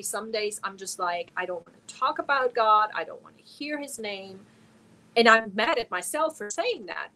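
A woman's voice: fairly high pitch, sharp tone, rough recording. A woman from Germany hosting a casual crochet livestream, talking earnestly and emotionally while reading viewer comments aloud. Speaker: crochet channel host.

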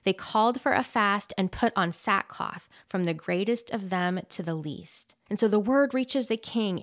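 A woman's voice: mid-range voice, no echo. A woman teaches from the Bible on her podcast, speaking earnestly and conversationally in a medium voice. She reads scripture aloud between her own reflections. The recording is close and dry, with no room sound.

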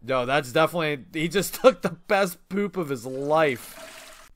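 A man giving casual let's-play commentary on a life-sim game, excitable and slangy, laughing often. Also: fairly high pitch, measured pace.

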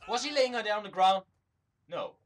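A man's voice: high-pitched, expressive, normal speed. A man giving angry gameplay commentary, swearing constantly and ranting at other players. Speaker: gamer recording his own play.

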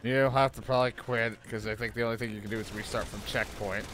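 A man's voice: medium pitch, fairly even intonation, fast talker, background noise. A man hosting a casual co-op gameplay session, joking and laughing often as he plays. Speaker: gaming channel host.

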